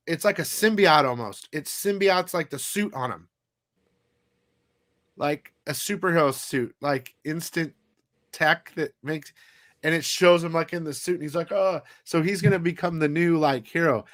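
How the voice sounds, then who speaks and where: Male stream host, somewhat high voice, dry close sound, rambling salty chat. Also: moderate pace, fairly bright tone, no echo. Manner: rambling, profane, loose storytelling. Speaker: comic haul show host. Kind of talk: casual live-stream chat.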